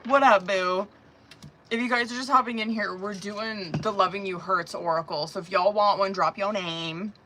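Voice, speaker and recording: A woman with a sore throat gives tarot readings on a live stream. She speaks softly in loose, profane slang and laughs often. Steady background noise runs under her voice. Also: medium pitch, moderate pace. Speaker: tarot reader. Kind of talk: casual live-stream chat.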